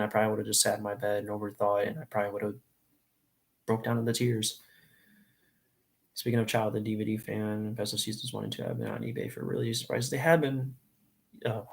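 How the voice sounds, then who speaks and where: A man's voice: lowish voice, vocal fry. A late-teens young man livestreaming, talking in an earnest, rambling and openly emotional way to his viewers. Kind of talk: casual live stream chat.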